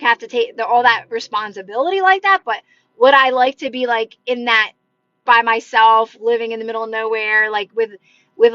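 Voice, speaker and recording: A woman's voice: on the high side, fairly bright tone, no echo, dull audio. A woman hosting a livestream as a manifestation coach, chatting casually and encouragingly with viewers, with lots of "like" fillers. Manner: chatty and encouraging, many "like" fillers, talks with her hands. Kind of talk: casual livestream chat answering viewer comments. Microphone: phone livestream mic.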